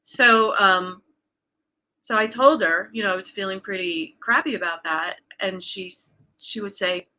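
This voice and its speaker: A woman speaks as a guest in a relaxed, conversational exchange, with a bright, forward tone. She tells a personal story openly, leaning on fillers like "um" and "you know" and restarting her sentences as she goes. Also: mid-range voice, unhurried. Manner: candid, storytelling with frequent fillers. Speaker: guest, coach. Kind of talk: casual conversation.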